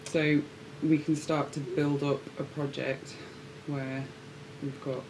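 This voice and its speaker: A co-host from Yorkshire chatting casually on a livestream, quick with jokey banter. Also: mid-range voice, little pitch movement, a little mellow, slight background noise, rough recording.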